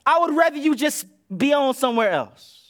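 A man preaching a sermon in a church, talking in a conversational way and acting out the voices he quotes, swinging between loud and soft. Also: extremely high pitch, big pitch swings, normal speed. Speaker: pastor. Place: church sanctuary.

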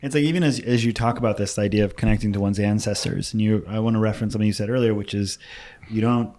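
A man as a podcast host, giving quick, agreeable replies and short affirmations in a casual interview. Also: lowish voice, steady tone, darkish tone, a little hiss or hum.

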